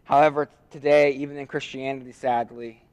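A man preaching a sermon as pastor, dramatic, dropping to a hush and rising loud as he reads scripture. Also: medium pitch, flat delivery, fairly quick, clean tone. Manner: dramatic, swings from hushed to loud when reading scripture. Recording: long reverb of a hall.

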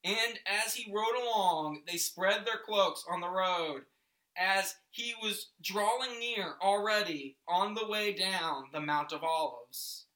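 A man's voice: high voice, pushed and bright, reverberant. A man reading scripture and leading a guided reflection, asking listeners to picture the scene. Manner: slow, questioning, invites listeners to imagine. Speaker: devotional video host.

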